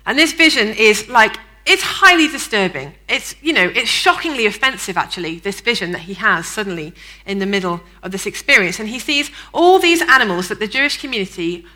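A woman pastor giving a sermon in a conversational, storytelling way, with fillers and lively acted-out moments. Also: mid-range voice, a little fast, poor audio. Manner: lively, acts out the people in the story.

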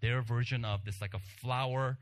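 A preacher with a medium-pitched voice and moderate pace recounts a personal story with animation, mimicking the shouts of a crowd. Then he lowers to a hush to drive his point home.

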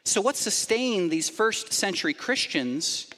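High-voiced preacher with a twang. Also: male voice, expressive, measured pace, big-room sound. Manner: dynamic preaching, drops to quiet emphasis then rises. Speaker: pastor. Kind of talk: sermon.

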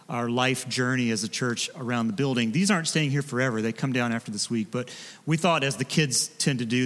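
A man, a pastor preaching in a relaxed, conversational way with joking asides to his congregation. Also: medium pitch, in a large hall. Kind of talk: sermon. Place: church sanctuary.

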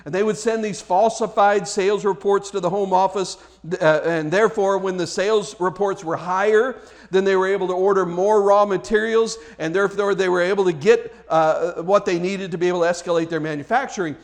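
Male preacher with a high voice; fervent, emphatic sermon delivery with frequent restarts. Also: fairly even intonation, brisk.

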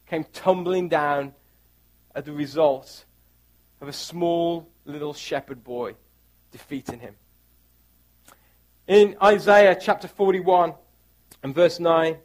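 A pastor preaching a sermon, reading scripture aloud with earnest, rising emphasis. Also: male voice, high voice.

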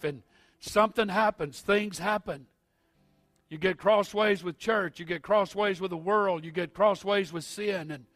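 Pastor preaching with rising intensity. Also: male voice, sits high, no echo. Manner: builds from quiet, halting asides to loud, rising preaching. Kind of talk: sermon.

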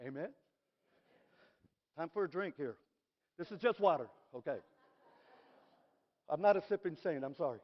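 A middle-aged man preaching a sermon in an animated way, dropping to soft asides and rising to shouted praise. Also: a little high, normal speed, pauses often. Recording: dull recording in a reverberant hall.

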